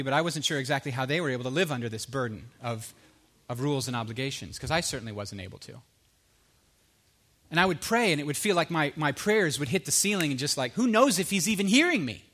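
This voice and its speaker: A man giving an earnest personal testimony, animated at times and dropping low and quiet for emphasis. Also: a little fast. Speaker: speaker sharing his faith story.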